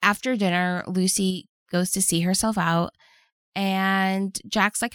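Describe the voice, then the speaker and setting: A woman's voice: medium pitch, fairly even intonation, takes it slowly, fairly bright tone, clear, resonant tone, no echo, clean studio sound. A woman co-hosting a podcast, chatting casually and cracking jokes while recapping a movie. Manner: playful, joking asides. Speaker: podcast co-host.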